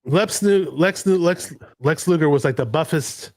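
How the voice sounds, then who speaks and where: A man's voice: fairly high pitch, moderate pace, no echo. A man hosting a casual late-night livestream, rambling and jumping from story to story. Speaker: livestream host. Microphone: home streaming mic.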